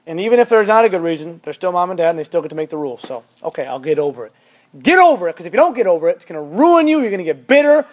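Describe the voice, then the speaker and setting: High-voiced, blunt male youth preacher. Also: expressive, racing. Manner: emphatic, repetitive, blunt. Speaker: youth pastor. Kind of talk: sermon to young people.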